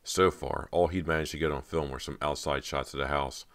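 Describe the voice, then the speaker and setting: Very deep-voiced man narrating an audiobook. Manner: steady, measured storytelling.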